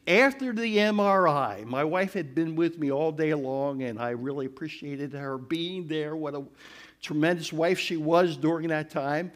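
An older man giving a storytelling testimony to a church congregation, animated and crying out as he retells events. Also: fairly high pitch, normal speed. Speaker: church speaker.

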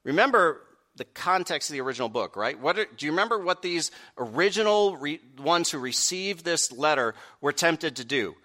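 A man preaching a sermon, asking the congregation direct questions and swinging from quiet earnest stretches to loud raised peaks. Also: fairly high pitch, lively intonation, moderate pace, hardly any pauses. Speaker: pastor.

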